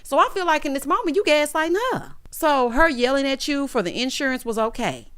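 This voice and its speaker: A woman's voice: high voice, animated, fairly quick, fairly bright tone. A young adult woman giving a blunt, sassy recap of a reality show, talking straight to the people on screen. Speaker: recap commentator.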